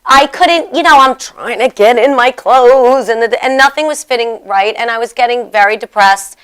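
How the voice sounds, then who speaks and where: A middle-aged woman hosting a show, telling her story in a chatty, animated way. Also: a little high, normal speed. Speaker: host. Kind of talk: casual chat.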